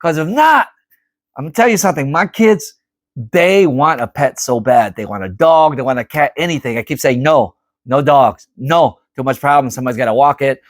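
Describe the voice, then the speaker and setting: A middle-aged man telling a story to camera in a casual, animated, rambling way, often repeating himself. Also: medium pitch, normal speed, dry recording, clean studio sound. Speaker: vlogger.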